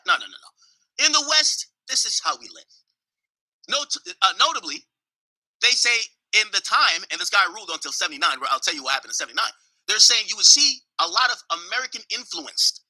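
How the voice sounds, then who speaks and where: A man's voice: high-pitched, low-quality recording. A young man hosting a casual, profane talk about history and politics, acting out other people's voices as he goes. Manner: animated, profane, acts out voices of others mid-story. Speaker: host.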